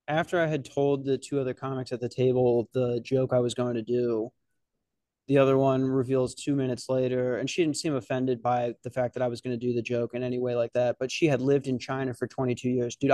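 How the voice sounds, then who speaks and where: A podcast host who is a novice stand-up comic tells a rambling, profane story about open mic comedy, casual in style and full of restarts. His voice is medium in pitch and a little mellow, recorded with clean studio sound and no room sound.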